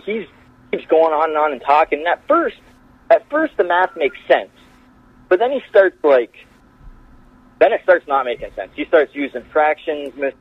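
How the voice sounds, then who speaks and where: Husky man telling stories over the phone. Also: fairly high pitch. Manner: animated, acts out quotes in changed voices. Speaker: wrestler guest. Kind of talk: casual storytelling. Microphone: phone call. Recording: tinny phone line.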